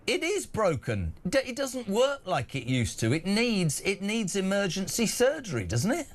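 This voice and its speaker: A man hosting an opinionated breakfast talk show, speaking emphatically and indignantly with big swings in pitch. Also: wildly swooping pitch, moderate pace, slight background noise. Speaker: radio talk show host.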